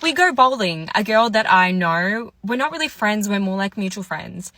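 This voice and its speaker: Bright, dry-voiced young woman telling a storytime. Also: medium pitch, expressive, moderate pace, no echo. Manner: chatty, candid, fillers like "like". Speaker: vlogger.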